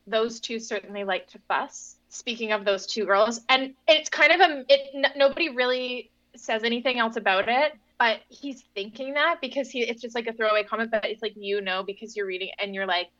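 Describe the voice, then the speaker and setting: A woman's voice: a little high, a little fast, hardly any pauses, a bit bright, no room sound, dull audio. A young woman co-hosting a podcast, recapping a novel in a rambling, self-correcting casual chat. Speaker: podcast co-host.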